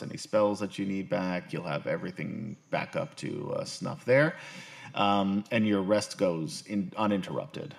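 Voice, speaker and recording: A man's voice: deep voice, gravelly. A man narrating a tabletop game as game master, rambling with lots of fillers. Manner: rambling, full of fillers, upbeat sign-offs.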